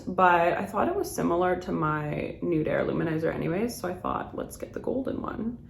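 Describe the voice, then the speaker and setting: A woman's voice: medium pitch, gravelly, echoey room, a little hiss or hum. A woman, chatting through a makeup routine and rambling with lots of "like" and laughter. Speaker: beauty vlogger. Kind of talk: chatty get-ready-with-me.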